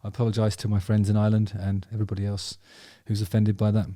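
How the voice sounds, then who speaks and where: This English vlog host talks fast about music in a low-ish, monotone, dark voice, captured at studio quality with no echo. He rambles enthusiastically through his favourite songs, with plenty of ums and restarts.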